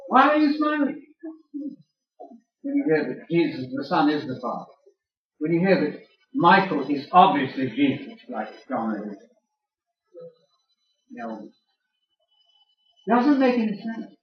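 An older man delivers a lively lecture to a church audience, prodding them with pointed questions. His voice sits a little high and sounds distant, caught in a roomy space on a dull, muffled recording. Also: measured pace, pauses often. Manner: teasing, challenges the audience with questions. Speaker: speaker addressing a church audience. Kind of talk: lively sermon-style lecture. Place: large room with an audience. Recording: echoey room, far from mic, dull sound.

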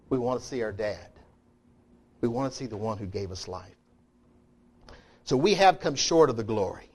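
A middle-aged man preaching a sermon in a folksy, emphatic way, swinging between loud declarations and quiet asides. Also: mid-range voice, expressive, normal speed, long pauses, slightly rough.

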